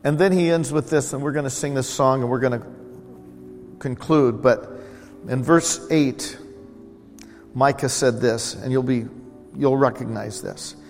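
A man's voice: medium pitch, fairly even intonation, measured pace, long pauses, a little mellow, long reverb tail, soft background music. A male pastor preaching a sermon in a church, with a conversational style that keeps repeating words for emphasis. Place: church sanctuary.

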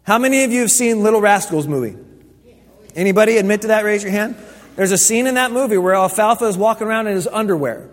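A man's voice: high-pitched, quick pace. A man preaching a sermon as pastor, telling stories in a casual, conversational way with frequent restarts. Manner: conversational storytelling, many restarts. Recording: long hall reverb.

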